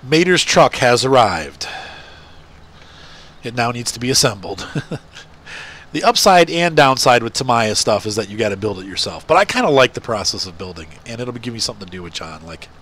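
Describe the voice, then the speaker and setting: This middle-aged gaming video host, nasal from a stuffy nose, rambles and runs himself down in casual talk over a farming game. His voice is on the low side with a fairly bright tone, and a little hiss or hum sits underneath.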